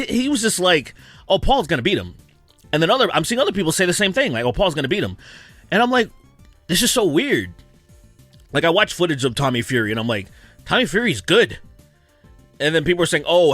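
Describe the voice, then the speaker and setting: A man giving a casual, animated breakdown of a boxing match, full of opinions and acted-out quotes. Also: a little high, dry recording. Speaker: YouTube commentator. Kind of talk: casual fight breakdown commentary.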